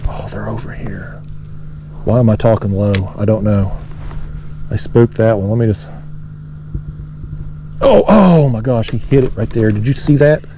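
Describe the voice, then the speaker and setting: A man's voice: lowish voice, normal speed, pauses often, warm tone, slight background noise. A man casually narrating his fishing from a kayak on a lake, rambling folksily and talking to his viewers. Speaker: fishing vlogger. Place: kayak on a lake below a dam, outdoors.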